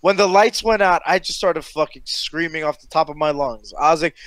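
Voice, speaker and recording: A man co-hosting a casual podcast chat, talking in an excited, profane, storytelling way. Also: a little high, fast talker, hardly any pauses, no echo. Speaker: podcast co-host.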